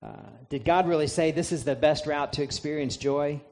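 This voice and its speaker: A man with a somewhat high-pitched voice delivers a sermon. He preaches emphatically, posing rhetorical questions to the congregation and answering them himself. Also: normal speed, darkish tone. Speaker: pastor.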